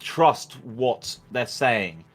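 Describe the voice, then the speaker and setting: A male race commentator with a mid-pitched voice chats loosely over a live race. He rambles, jokes and often trips over his words as he restarts sentences. Soft music sits underneath. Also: big pitch swings, very slow. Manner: rambling, stammering restarts, jokey. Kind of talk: casual commentary chat.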